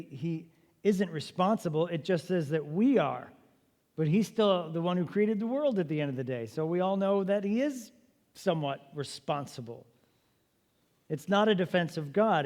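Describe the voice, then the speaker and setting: A man's voice: a little high, a little mellow. Man teaching in a reverberant church hall. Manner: conversational, emphatic teaching with rhetorical questions. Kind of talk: apologetics seminar lecture. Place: church meeting room.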